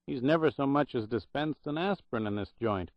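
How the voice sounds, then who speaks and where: A man's voice: mid-range voice, animated, brisk, no echo, pitched above the performer's own voice, close to an everyday voice. A man doing a cocky young streetwise clerk. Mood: jaunty. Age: young adult. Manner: slangy, jaunty delivery. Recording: dull dry audiobook recording.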